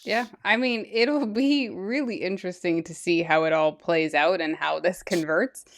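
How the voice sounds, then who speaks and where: Female co-host, relaxed giggly banter, plenty of "like" and "yeah". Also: on the low side, moderate pace. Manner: laughs often, lots of filler words. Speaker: podcast co-host. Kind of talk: casual chat.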